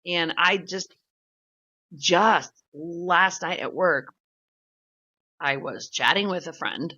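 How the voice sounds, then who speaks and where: Bright, chatty woman podcast co-host. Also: lowish voice, slow pace, slightly rough, highs cut off. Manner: chatty, laughs often, retells stories with quoted voices. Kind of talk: casual chat.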